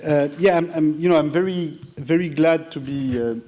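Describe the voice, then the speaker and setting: A man with a French accent giving a public lecture in a theatre, hesitant and self-deprecating, filling pauses with "you know". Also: a little high, mellow. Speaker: guest lecturer.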